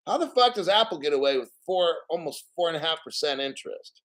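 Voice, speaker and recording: A man's voice: on the high side, expressive, fast, a bit bright. A man giving casual live commentary on the news, blunt and profane, a little out of breath. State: slightly out of breath.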